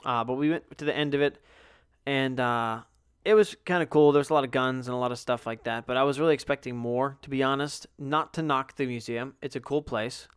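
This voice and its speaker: A man's voice: mid-range voice, steady tone, a little fast, smooth, no echo, studio quality. A young man hosting a podcast, telling a rambling, profanity-heavy story in a casual way. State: yawning, tired. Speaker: podcast host.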